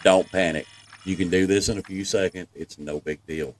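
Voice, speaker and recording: A man's voice: low-pitched, fairly even intonation, normal speed, a little hiss or hum. A man with a Southern US accent giving a folksy, reassuring walkthrough commentary over gameplay, talking viewers through each step. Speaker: gameplay guide.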